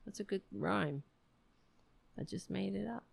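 A woman's voice: mid-range voice, unhurried, gravelly, slightly rough, no echo. A woman hosting a casual late-night livestream from her computer mic, sarcastic and profane, sounding exhausted. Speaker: livestream show host. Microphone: desk mic at a computer.

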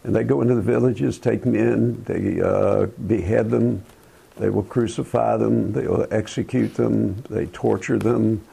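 An older man hosting a Christian talk show, earnest and preachy, talking in halting phrases with many restarts. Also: lowish voice, fairly even intonation, creaky, mellow, husky. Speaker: Christian radio host. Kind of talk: casual talk about current events.

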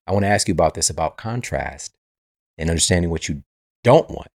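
A man's voice: sits low, expressive, fairly quick, vocal fry, no room sound, clean studio sound. A man hosting a podcast interview, asking long, eager, rambling questions full of fillers. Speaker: podcast host. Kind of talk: casual interview chat.

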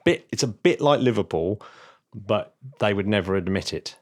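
A man's voice: on the low side, animated, moderate pace, husky. Chatty rambling male podcast host. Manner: rambling, self-interrupting, laughs often. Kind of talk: casual chat. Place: remote call.

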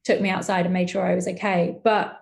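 A young adult woman speaking candidly as an interview guest, reflective and hesitant, with many pauses and ums. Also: lowish voice, little pitch movement, creaky. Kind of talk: candid personal interview talk.

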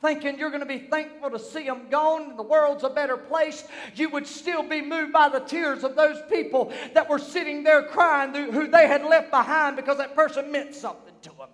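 Male preacher, very high voice, fervent, loud then hushed, long hall reverb. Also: steady tone, normal speed, hardly any pauses. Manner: fervent, swings between shouting and hushed tones. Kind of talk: sermon.

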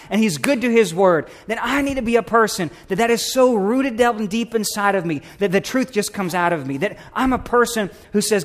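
A middle-aged man, preaching a sermon in a church with rising emphasis and rhetorical questions. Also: high voice. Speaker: pastor. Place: church sanctuary.

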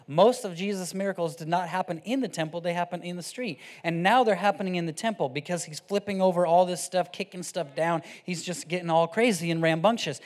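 A man preaching an off-the-cuff sermon, casual and animated, moving from quiet scripture reading to loud, excited exhortation. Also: sits high.

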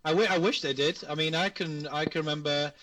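A man co-hosting a casual podcast, speaking haltingly with many restarts. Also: a little high, fairly bright tone, no room sound. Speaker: podcast co-host. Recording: distant mic in a dry room.

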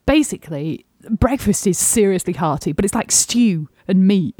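An English woman co-hosting a food podcast, chatting casually and rising high in pitch when she gets indignant. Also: animated, moderate pace, mellow, dry recording, studio quality. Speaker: podcast co-host. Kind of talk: casual chat.

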